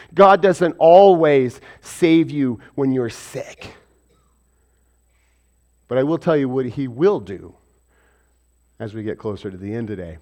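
A man's voice: mid-range voice, darkish tone. A man preaching a sermon, asking and answering his own rhetorical questions and acting out voices from the stories he tells. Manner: acts out biblical and everyday voices.

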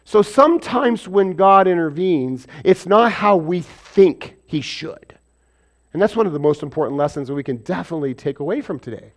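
Male preacher with a high voice, delivers a sermon full of rhetorical questions. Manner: asks and answers rhetorical questions; acts out biblical and everyday voices.

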